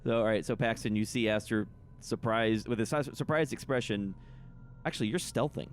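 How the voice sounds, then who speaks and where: A man running a tabletop game as game master, narrating scenes and calling for dice rolls in a relaxed way. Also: mid-range voice, fairly quick.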